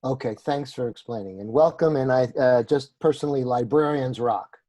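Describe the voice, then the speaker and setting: A man's voice: medium pitch, moderate pace, dark tone. A man with a New York accent leading a video call, calling on people by name in a friendly way. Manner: friendly, calling names one by one. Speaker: meeting facilitator. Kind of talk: casual video call introductions.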